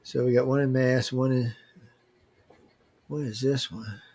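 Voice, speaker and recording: This man hosts a casual giveaway on a livestream, teasing viewers in loose slang as he reads their emails aloud. His delivery is measured, his medium-pitched voice darkish and fairly even in intonation.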